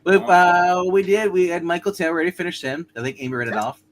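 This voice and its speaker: A man's voice: high voice, steady tone, fast talker. A man co-hosting a casual livestream, joking and teasing the others. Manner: jokey, teasing, laughs often. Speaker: co-host.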